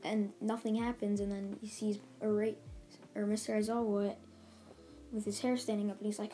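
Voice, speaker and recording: A woman with a mid-range, dark-toned voice retells a story casually as a channel host, speaking at a moderate pace with flat delivery. She strings events together with "and then he's like," over faint background music.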